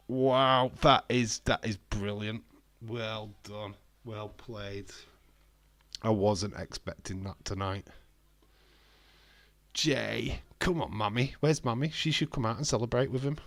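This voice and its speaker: A man hosting a live wrestling watch-along, chatty and excitable, swearing casually. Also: fairly low pitch, no room sound. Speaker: livestream host.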